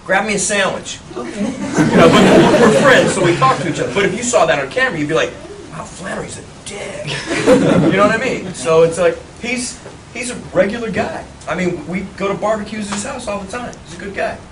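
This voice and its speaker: Actor guest on a convention panel: lively man, a little high, heard from afar in an echoey hall over a loud crowd. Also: fairly quick, heavy background noise. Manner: animated, laughing, profane anecdotes. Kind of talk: casual storytelling. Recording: echoey venue, far mic, loud crowd.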